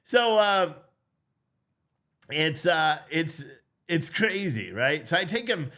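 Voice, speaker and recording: A man who is a father, telling a story in a casual, animated way, blunt and swearing, acting out the voices in it. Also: fairly high pitch, takes it slowly. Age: adult father. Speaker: vlogger.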